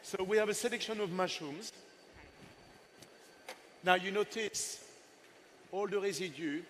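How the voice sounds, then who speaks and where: A man's voice: sits high, a little slow, a bit bright, slight background noise. A man in his sixties, a chef giving a live cooking masterclass on a festival stage, chatty and playful with his helpers and the crowd.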